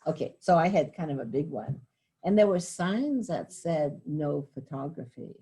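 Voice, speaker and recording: A woman's voice: lowish voice, expressive, normal speed, dark tone, slightly rough. An older woman teacher who tells a rambling story with self-corrections and chuckling asides, then reads poetry aloud to a class. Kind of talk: lecture and reading poetry aloud.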